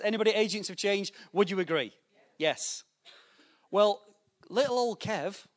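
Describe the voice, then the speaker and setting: Man preaching with lively stories. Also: fairly high pitch. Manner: storytelling with lively voiced anecdotes. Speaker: pastor. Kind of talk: sermon.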